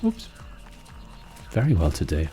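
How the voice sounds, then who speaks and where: Man, let's play commentary, deep mellow voice, chatty and musing, faint game music behind. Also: wildly swooping pitch, measured pace. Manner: musing, chatty, with fillers and restarts.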